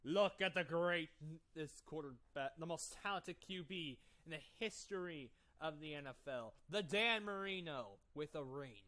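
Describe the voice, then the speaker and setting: Dude gloating over a football result, bright sharp voice, kinda high. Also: male voice, measured pace. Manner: gloating, excitable, sarcastic. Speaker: YouTube commentator. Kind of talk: gleeful sports commentary voice-over.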